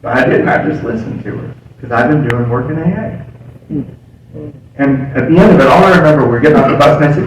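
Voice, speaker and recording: Older guy telling his recovery story for laughs, bouncy voice, far off in a boomy hall. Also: expressive, quick pace. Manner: humorous storyteller, laughs often at his own lines. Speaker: AA speaker. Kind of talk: personal recovery story told to a meeting. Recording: echoey hall recorded from far off, with noise.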